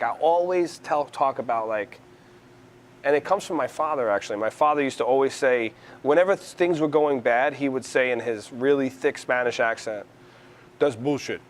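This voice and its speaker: A man's voice: mid-range voice, a little hiss or hum. A man from New York City talking in a conversational interview, rambling with frequent restarts. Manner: rambling, restarts often, animated storyteller.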